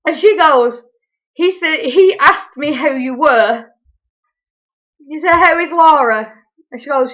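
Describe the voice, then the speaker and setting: A young woman telling a story to camera in a chatty, animated way. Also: high-pitched, low-quality recording. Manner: animated, chatty, quick asides. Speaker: vlogger. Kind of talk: casual storytelling.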